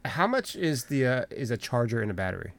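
A man's voice: mid-range voice, sing-song, brisk, dry recording. A man co-hosting a podcast, chatting casually with wry remarks. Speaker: podcast co-host. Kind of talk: casual chat.

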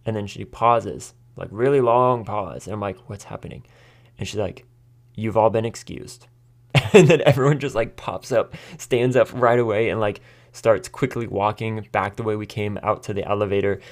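A man's voice: lowish voice, moderate pace. An American man hosting his own podcast, telling a story in a chatty, casual way, laughing often and acting out what people said. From United States. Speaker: podcast host.

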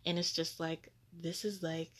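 A woman's voice: sits low, level tone, moderate pace. A woman hosting a casual religious podcast, rambling with many fillers and a disbelieving tone. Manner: grows incredulous and laughing, repeating "what?". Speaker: podcast host.

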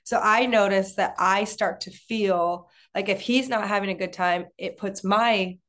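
A woman's voice: mid-range voice, steady tone, unhurried, a bit bright. A woman co-hosting a casual talk, speaking in a chatty way with many fillers and restarts. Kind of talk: casual chat.

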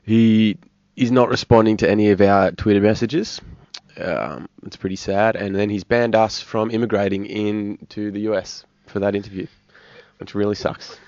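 A man with an Australian accent, co-hosting a radio show with dry, deadpan jokes. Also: on the low side, normal speed, no echo, muffled recording. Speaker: radio co-host. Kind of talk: casual comedic radio banter.

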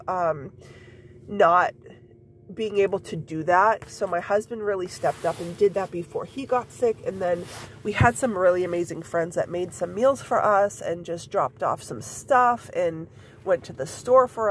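A woman podcast host with a stuffy nose and scratchy throat, chatting casually and rambling with lots of fillers. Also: fairly low pitch. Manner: rambling, many fillers and repeats. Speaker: podcast host and mom coach. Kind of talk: casual personal chat.

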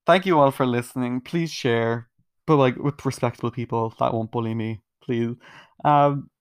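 A young man hosts his own solo podcast, rambling casually, swearing freely, running himself down, and saying "like" constantly. He speaks at normal speed in a mid-range, clean-toned voice. The recording is studio quality with no room sound.

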